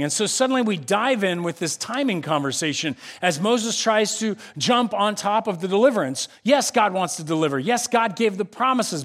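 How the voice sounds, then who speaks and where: A male pastor from the United States, preaching an animated sermon and acting out the voices of the people he quotes. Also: high-pitched.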